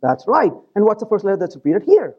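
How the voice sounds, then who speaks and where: Animated, joking male conference presenter. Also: sits high, quick pace, breathy edge, muffled recording. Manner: animated, joking, keeps asking the audience "right?". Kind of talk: live technical conference talk.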